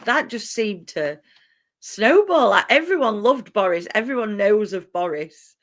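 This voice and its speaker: A woman's voice: medium pitch, lively intonation, unhurried. A woman hosting a podcast interview, chatty and enthusiastic, laughing easily. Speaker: podcast host. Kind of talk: casual interview chat.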